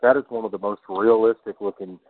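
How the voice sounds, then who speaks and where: Low-voiced stammering man on a tinny line. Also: steady tone, brisk, no room sound. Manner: stammering, enthusiastic, trivia-minded. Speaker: podcast co-host. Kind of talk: casual movie discussion. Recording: tinny phone-like, dry sound.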